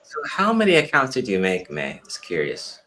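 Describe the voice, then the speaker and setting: A man's voice: on the low side, wildly swooping pitch, normal speed, a crowd in the background. A man hosting a casual livestream chat, reacting in a dry, wry way. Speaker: stream host.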